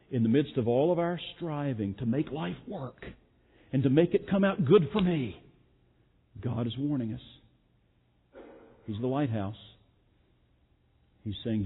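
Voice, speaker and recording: A man's voice: mid-range voice, husky. A man preaching a sermon as pastor, earnest and emphatic, repeating key phrases. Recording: echoey hall, phone-like sound.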